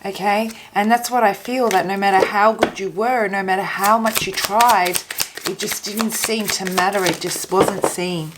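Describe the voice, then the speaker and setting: A woman reading tarot to camera in a mid-range voice that keeps catching in her throat. She speaks gently and haltingly, repeating phrases as she searches for the right words. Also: mid-range voice, fairly even intonation, very noisy. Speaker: tarot reader.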